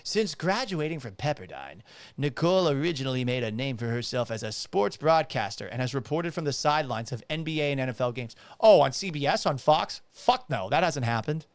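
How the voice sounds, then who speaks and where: A man hosting a radio-style talk show, ranting loudly and profanely with exasperation. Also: mid-range voice, lively intonation, brisk, clear, resonant tone, dry recording. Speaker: radio broadcaster and show host. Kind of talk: loud ranting commentary.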